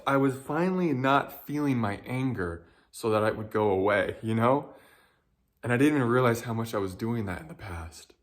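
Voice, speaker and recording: A young man speaking in an earnest, emotional way, sharing a personal reflection and often pausing to search for words. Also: medium pitch. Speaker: spiritual guide.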